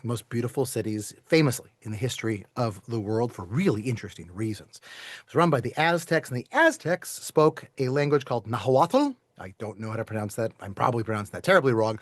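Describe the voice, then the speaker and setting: A man teaching an online class in a playful, chatty way, his pitch bouncing around as he quizzes the kids. The sound is dry and close, with no room echo. His voice sits in a middle register. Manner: playful, chatty, asks students to type in the chat.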